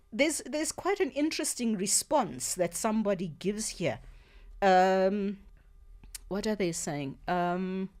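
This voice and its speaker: A woman's voice: medium pitch, a little mellow. A woman hosting a radio talk show, speaking earnestly and emphatically as she thinks aloud in the studio.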